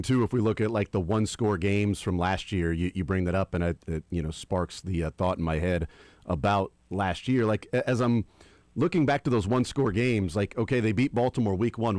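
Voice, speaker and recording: A man's voice: deep voice, a little mellow, no echo. A man hosting a sports talk radio show, asking long, rambling multi-part questions of a guest.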